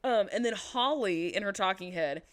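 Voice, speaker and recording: A young woman co-hosting a podcast, recapping a reality show in casual chat, sarcastic and animated, swearing freely and mimicking people. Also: mid-range voice, moderate pace. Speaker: podcast co-host.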